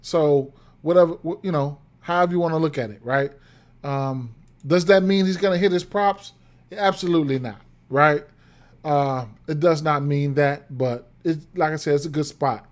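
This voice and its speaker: A slightly high male voice at a moderate pace belongs to a sports betting streamer with the hiccups. His casual livestream betting talk wanders, packed with fillers and repeated words and broken up by hiccups.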